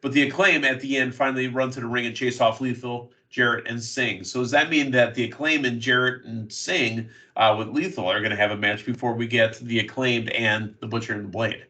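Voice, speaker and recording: A man hosting a casual wrestling news podcast, recapping matches in quick play-by-play bursts. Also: medium pitch, fairly even intonation, pushed and bright, recorded from a distance. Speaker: podcast host.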